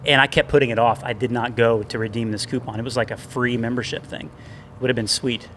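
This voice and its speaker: A man spins a long, self-deprecating anecdote in relaxed chat, starting over and circling back as he goes. His pitch sits right in the middle for a man. Faint noise hums under the recording in an indoor gym. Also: a little fast. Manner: animated, self-deprecating, rambling with restarts. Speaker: podcast co-host. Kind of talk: casual storytelling chat.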